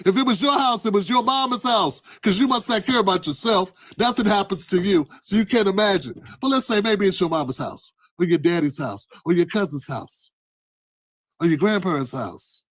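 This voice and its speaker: A high-pitched man delivering fired-up political commentary. He preaches, punches his points and sometimes shouts. The sound is dry and close. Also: normal speed, no echo. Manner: emphatic, preachy, rising to shouts. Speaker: news commentary host.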